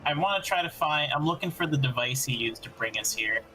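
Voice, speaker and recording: A man playing a tabletop game, speaking haltingly. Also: a little high, expressive, bright, forceful tone, faint music behind, low-quality recording. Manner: halting, hesitant speech. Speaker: player.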